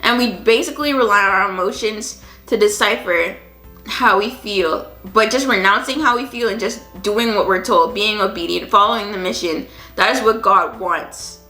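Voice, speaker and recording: A woman's voice: mid-range voice, moderate pace, pushed and bright. A woman hosting a Christian podcast, reading scripture and reflecting on it in an earnest way with frequent restarts. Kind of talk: Bible reading with personal commentary. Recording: echoey room with faint music.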